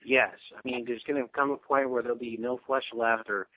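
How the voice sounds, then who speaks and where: A male radio guest explains at length in a steady, lecturing voice of middle pitch, pausing often on ums. The audio is dry and tinny, like a call with no room sound. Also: no echo. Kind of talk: casual radio interview talk.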